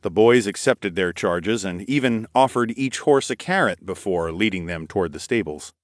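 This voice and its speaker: A man reading an audiobook in first person with a steady, expressive delivery. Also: sits low, moderate pace, no room sound, studio quality. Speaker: audiobook narrator. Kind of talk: scripted narration.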